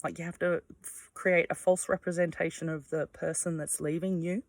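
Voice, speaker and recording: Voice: mid-range voice, little pitch movement, normal speed, gravelly, no echo. A vlogger talking in a frank, rambling monologue, full of ums and asides and casual swearing.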